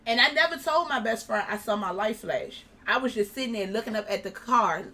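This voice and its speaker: A woman's voice: fairly high pitch, brisk. A young woman, a guest in an interview, telling a personal story in a casual way and acting out what people said. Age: young adult. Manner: animated, acts out quoted dialogue.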